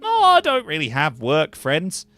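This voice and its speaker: A man's voice: huge pitch swings, unhurried, sharp tone, soft background music, exaggerated voice. Miriam, a man voicing a weary woman mage with a questionable accent. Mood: chatty. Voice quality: put-on higher voice with a questionable accent. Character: weary polite woman mage and potion brewer. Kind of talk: voicing characters in a cozy narrative game.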